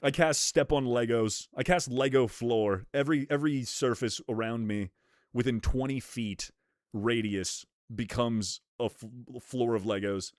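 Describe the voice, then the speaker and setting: He's a male streamer talking with viewers at a measured pace, swearing, joking, and getting rowdy, and his rants come with jumps in pitch. Studio-quality audio, no echo.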